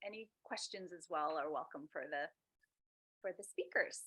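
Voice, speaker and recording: A woman hosting a video call talk series, effusive and softly guiding the group through an embodiment exercise. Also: deep voice, moderate pace, husky, dry recording, rough recording. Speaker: host.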